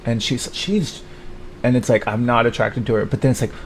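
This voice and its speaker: A man in a rambling livestream monologue, bitter and halting, stumbling through fillers and restarts. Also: fairly even intonation, slight background noise. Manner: mocks others in high put-on voices.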